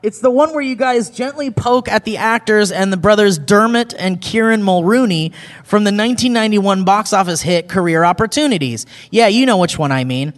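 A man's voice: sits high, lively intonation, a little fast. A man co-hosting a live podcast, reading a listener's letter aloud in a casual, amused way. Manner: reads with laughs, breaks into shouted impressions. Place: live show venue with audience. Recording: long hall reverb.

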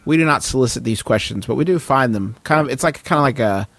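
A man co-hosting a casual comedy podcast, sarcastic and quick to laugh. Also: mid-range voice, expressive, gravelly, a bit bright, no room sound. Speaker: podcast co-host.

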